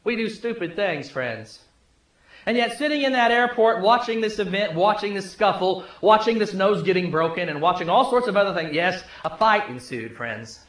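High-voiced preacher in an echoey church. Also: male voice, moderate pace. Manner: conversational, animated storytelling preacher, drops low and soft for emphasis. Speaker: pastor. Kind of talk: sermon with storytelling. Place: church sanctuary.

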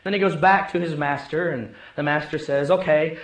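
A man preaching a sermon as pastor, telling stories and swinging between loud and hushed delivery. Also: on the high side, fairly even intonation, normal speed. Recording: echoey room.

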